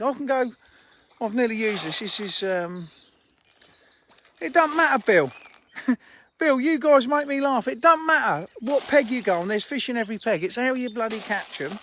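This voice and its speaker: Holding his phone as he strolls round his lake, a fishery owner chats on a live stream in a high-pitched, slightly bright voice. He's blunt, informal, and laughs a lot, with faint outdoor birdsong and slight background noise in the audio.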